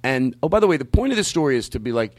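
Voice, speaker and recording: A man's voice: medium pitch, big pitch swings, rapid-fire, darkish tone, no room sound. A man, a comedian guest, telling a long, rambling comic story with restarts and passionate outbursts.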